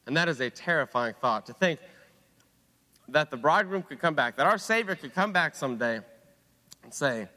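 A young man giving an earnest sermon to fellow students, dropping low and quiet on quoted words. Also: expressive, moderate pace. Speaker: student preacher. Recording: long hall reverb.

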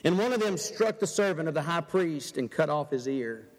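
Preaching at a moderate pace, this high-voiced man gives a dramatic, swinging sermon that drops to a whisper-like hush and then surges loud. He keeps asking the crowd rhetorical questions while his voice echoes with long reverb around a large church hall.

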